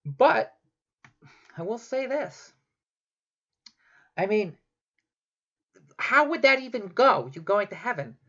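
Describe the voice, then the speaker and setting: A woman's voice: on the high side, very animated, slow pace, pauses often, a bit bright. A woman doing a profane, rambling comedic rant monologue, full of sarcasm. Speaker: comedic ranter, show host. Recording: dull lo-fi home recording.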